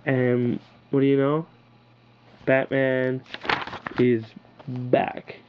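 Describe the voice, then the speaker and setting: A man's voice: medium pitch, monotone, very slow, narrow, tinny audio, noisy background. A man reviewing comic books on camera in a loose, rambling, enthusiastic way, full of filler words. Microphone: built-in camera mic.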